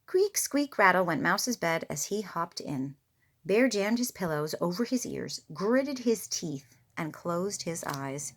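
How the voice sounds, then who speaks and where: A woman reading a picture book aloud, expressive and playful with her own asides. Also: on the low side, slow pace. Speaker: storyteller.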